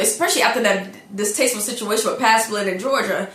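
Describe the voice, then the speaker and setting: A woman telling a personal story in a casual, animated monologue, talking straight to her listeners. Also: on the high side, a little fast. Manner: chatty, animated, addresses listeners as y'all. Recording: echoey room.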